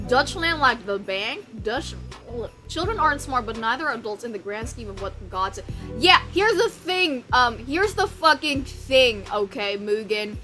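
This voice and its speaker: A woman's voice: on the high side, expressive, measured pace, pushed and bright, faint music behind. A young woman streamer from the United States chatting casually with her live chat, bubbly, rambling and swearing as she mocks herself.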